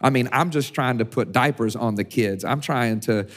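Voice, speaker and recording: A man's voice: medium pitch, normal speed. A male pastor preaching a conversational sermon, with frequent restarts and repeated words.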